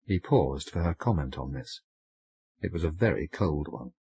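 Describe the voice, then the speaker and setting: A man narrating an audiobook story in a measured, wry storytelling manner. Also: extremely low pitch, expressive, mellow. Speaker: audiobook reader.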